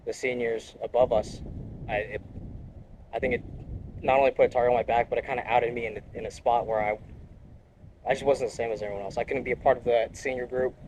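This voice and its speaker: A young man talking in a relaxed, casual interview, blunt and peppered with swearing. His voice sits at an ordinary middle pitch. A faint hiss of background noise runs under his speech. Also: fast, pauses often, poor audio. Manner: blunt, profane and joking. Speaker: interviewee, Marine reservist.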